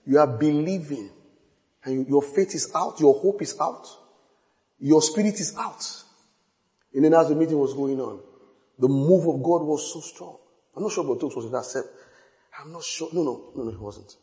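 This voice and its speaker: Pastor, middle-aged man, high tenor, sermon storytelling: repetitive, shouts then hushes, long hall reverb. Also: normal speed, long pauses.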